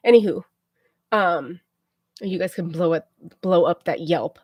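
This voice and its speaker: A woman livestreamer telling a story to her viewers in a casual, animated way, often checking in with them. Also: fairly low pitch, measured pace, slightly rough, no echo. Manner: chatty, animated retelling, keeps checking in with "okay?".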